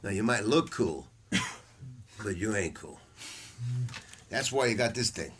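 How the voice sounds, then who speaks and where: A man's voice: lowish voice, animated, unhurried, fairly bright tone, faint music behind. An older man teaching a saxophone masterclass in a casual, blunt way, with slang and the odd swear word. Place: music store room with students.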